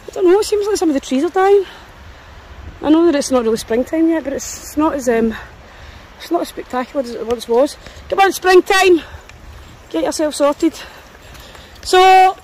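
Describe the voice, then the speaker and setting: A woman's voice: sits high, rough recording. A Scottish woman chatting casually while walking dogs outdoors, often breaking off to talk to the dogs. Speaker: dog walker vlogger. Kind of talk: casual vlog chat. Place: outdoors on a country path.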